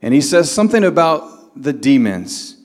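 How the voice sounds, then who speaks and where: Pastor guy preaching, slightly high voice, draws words out and climbs up loud, long hall echo. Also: very animated. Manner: preaching with rising emphasis, drawn-out stressed words. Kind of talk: sermon.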